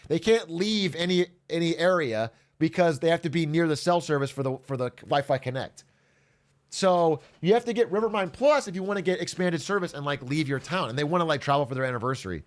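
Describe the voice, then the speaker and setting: A man streaming to his chat, casually retelling an episode with lots of laughter and acted-out voices. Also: fairly high pitch. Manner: animated storyteller, acts out characters, laughs often, swears.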